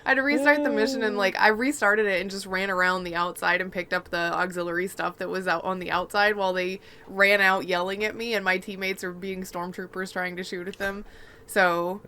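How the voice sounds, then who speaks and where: A woman co-hosting a gaming podcast tells rambling, chatty stories in casual conversation. Her voice is medium-pitched with a sharp tone.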